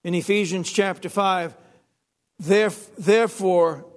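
A man's voice: sits high, steady tone, measured pace. A man preaching a sermon, emphatic, repeating phrases and restarting sentences.

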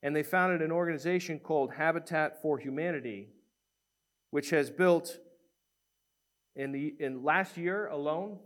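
With a somewhat high voice, a man preaches and narrates a story in an animated manner, imitating the characters' voices. He keeps a measured pace and pauses frequently.

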